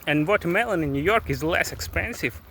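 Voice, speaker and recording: Bright-voiced man vlogging on a busy street. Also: on the high side, animated. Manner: candid, complaining, with halting restarts. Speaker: travel vlogger. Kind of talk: casual vlog monologue. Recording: faint street traffic noise.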